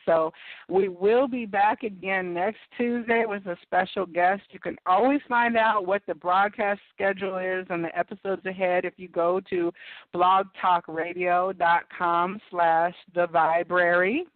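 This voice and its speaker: A woman's voice: fairly low pitch, dry recording. A woman hosting an internet radio show, chatting casually and laughing at her own stories. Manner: chatty, laughing, self-deprecating. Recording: tinny phone-line audio.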